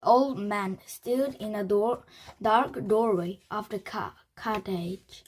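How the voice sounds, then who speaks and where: A woman reading a children's chapter book aloud, slow and halting, often correcting herself. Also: mid-range voice, darkish tone, slightly rough. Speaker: reader.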